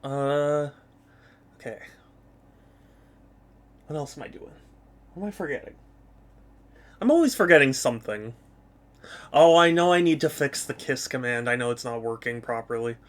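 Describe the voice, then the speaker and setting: A man's voice: medium pitch, animated, moderate pace, long pauses. A man streaming a video game, chatting casually and playfully with his viewers and laughing often. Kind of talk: casual live-stream chat.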